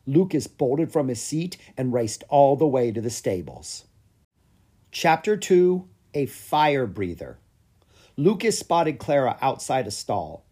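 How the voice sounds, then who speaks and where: A reader narrating a children's fantasy storybook aloud with lively expression. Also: mid-range voice, slow, husky. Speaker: audiobook reader.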